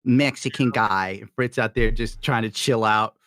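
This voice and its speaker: A man's voice: lowish voice, flat delivery, moderate pace, a bit bright, dry recording, clean studio sound. A man guesting on a casual podcast, cracking crude, laid-back jokes.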